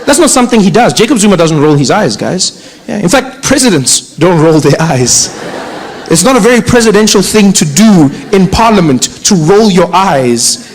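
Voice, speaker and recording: This is a young man doing stand-up. His voice sits high and bounces along with playful energy. He tells the story as an animated performer. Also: moderate pace, husky, some chatter behind, poor audio. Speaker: comedian. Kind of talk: stand-up comedy.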